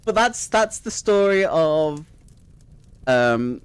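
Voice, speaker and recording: A man's voice: a little high, animated, drawn-out words, clean tone. A young man casually telling a rambling personal story, swearing freely and laughing at it as he goes. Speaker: streamer.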